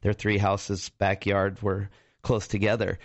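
A man's voice: on the low side, monotone, measured pace, gravelly, no echo, lo-fi sound. A pastor and radio co-host telling his life story in a radio interview, laughing often and acting out the voices of people in it.

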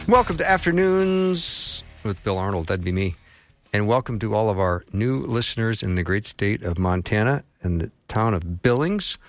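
A man's voice: sits low, vocal fry, no room sound. A male radio talk show host on a Christian station, chatty and joking, speaking into a studio microphone. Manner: chatty, joking, plugs phone line.

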